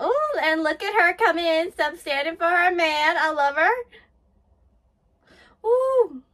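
A woman hosting an anime reaction, gushing and excitable as she comments live and swears freely. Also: extremely high pitch, measured pace.

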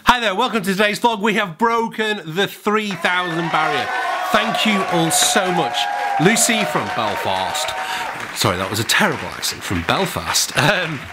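A man hosting his own vlog, chatting casually and cheerfully to his viewers. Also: medium pitch. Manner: chatty, apologetic, upbeat. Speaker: vlog host and musician. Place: at home indoors.

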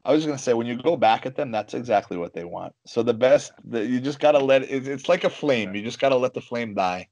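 A man telling stories in a casual podcast chat, animated and swearing freely. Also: mid-range voice, fast, hardly any pauses, no room sound, highs cut off. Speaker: guest, jiu-jitsu coach and fighter.

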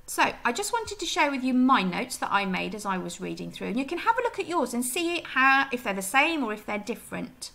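Bright, lively woman teacher. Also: fairly high pitch, a little fast, vocal fry, few pauses. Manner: explains gently and asks the pupils questions. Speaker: primary school teacher. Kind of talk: recorded reading lesson.

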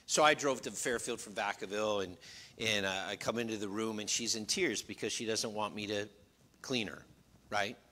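A middle-aged man preaching a sermon as pastor, earnest, shifting between loud emphasis and quiet, confiding storytelling. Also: fairly low pitch, moderate pace. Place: church.

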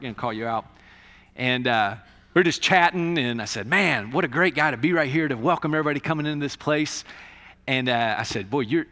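A male pastor preaching a conversational sermon in a church, swinging between loud emphatic bursts and hushed, quiet passages. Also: mid-range voice, big-room sound. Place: church sanctuary.

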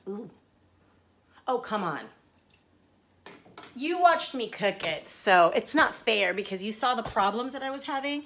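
A woman's voice: on the high side, lively intonation, unhurried, pauses often, a bit bright, recorded from a distance. A woman in her thirties chatting casually in her home kitchen while she cooks, rambling and joking at her own expense with lots of fillers. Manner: rambling, self-deprecating, chatty with many fillers. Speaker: home cook vlogger. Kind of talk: casual cooking vlog chat. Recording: echoey kitchen with faint ambience.

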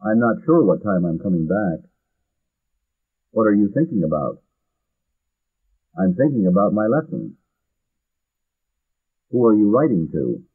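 A man reading English practice phrases slowly and clearly for learners, on a dull lo-fi vintage recording. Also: lowish voice, very animated. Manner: measured, carefully enunciated drill reading. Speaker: language teacher.

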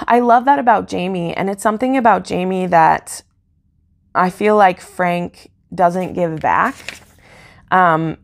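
A woman's voice: fairly low pitch, gravelly. A woman book YouTuber chatting casually and emotionally about a novel, rambling with plenty of fillers. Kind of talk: casual book review chat.

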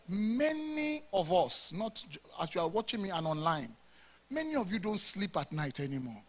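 A man's voice: high voice, big pitch swings, normal speed. A Nigerian pastor preaching a sermon to his congregation, with emphatic, rhetorical questions. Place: church service before a congregation.

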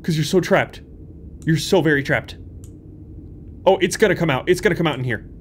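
A young man hosting a horror game playthrough, talking to viewers, jumpy and swinging from hushed muttering to yelps. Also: on the high side, brisk, a little hiss or hum. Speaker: gaming channel host. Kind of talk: horror game let's play commentary. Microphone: desk microphone.

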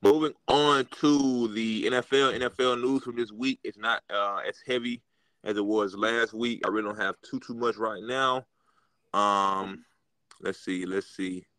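Excitable man rambling about sports. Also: fairly low pitch, measured pace, smooth, no room sound, low-quality recording. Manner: rambling, filler-heavy, excitable. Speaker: podcast co-host. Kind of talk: casual sports chat.

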